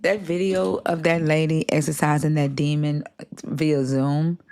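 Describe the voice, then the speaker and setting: A woman's voice: sits low, level tone, unhurried, warm tone. A woman hosting a casual live chat, talking loosely, trailing off mid-sentence and laughing easily. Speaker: livestream host.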